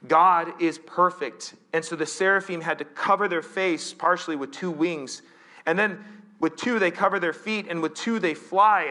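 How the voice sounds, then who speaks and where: A man's voice: fairly high pitch, bright, forceful tone. A male pastor preaching a conversational sermon in church, with playful asides and frequent self-corrections.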